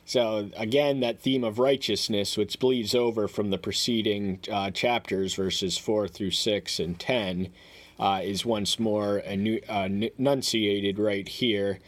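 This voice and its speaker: Guy with a lowish voice going through bible verses, lots of uh and um, stops and restarts, reads the verses out louder. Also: fairly even intonation. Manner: halting, many fillers and restarts; reads verses aloud in a raised voice. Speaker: Bible teacher.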